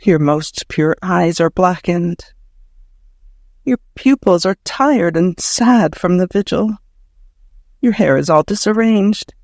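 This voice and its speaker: A man's voice: sits high, lively intonation, slow, a little mellow, no room sound, clean studio sound. A man narrating a devotional audiobook in a fervent, prayerful, emotional way.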